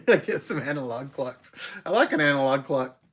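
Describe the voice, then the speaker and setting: A man's voice: medium pitch, expressive, normal speed, a bit bright, husky. A man chatting casually as co-host of a home livestream, rambling and easygoing, chuckling often. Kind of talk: casual chat. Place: porch at home.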